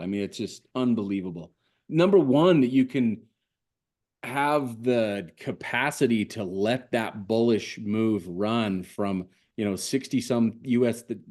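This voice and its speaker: A man co-hosting a trading podcast, trading quick banter and drawing out his emphatic points in casual chat. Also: mid-range voice, dark tone. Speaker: podcast co-host.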